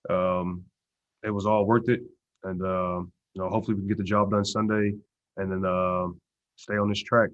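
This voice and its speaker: A football player answering press questions in a relaxed, low-key way, with lots of "you know" and "uh" fillers. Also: male voice, moderate pace. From Texas. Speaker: pro football player at media day. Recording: dull lo-fi stream audio.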